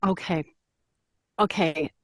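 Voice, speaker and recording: A woman's voice: fairly low pitch, slow, no echo, clean studio sound. A middle-aged woman, an audiobook narrator, talking earnestly and reflectively as a guest in an interview, with fillers and restarts. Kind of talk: conversational interview.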